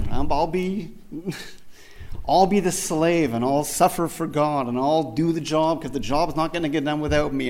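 A man's voice: fairly high pitch, darkish tone. A man earnestly telling a personal tribute story, often restarting and repeating phrases, with many Hebrew religious terms. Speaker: speaker remembering his rabbi.

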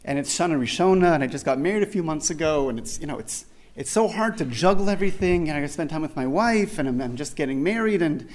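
Man, slightly high voice, earnest, heartfelt storytelling, repeats and restarts phrases, Hebrew terms mixed in. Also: lively intonation, fast talker, hardly any pauses, darkish tone. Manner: peppers speech with Hebrew religious terms. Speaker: speaker remembering his rabbi. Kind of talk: personal storytelling tribute.

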